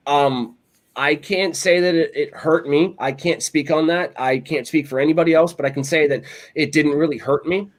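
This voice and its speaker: Rambling, animated male podcast co-host. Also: on the high side, moderate pace. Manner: rambling storyteller, animated, lots of "like" and "you know". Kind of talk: casual chat.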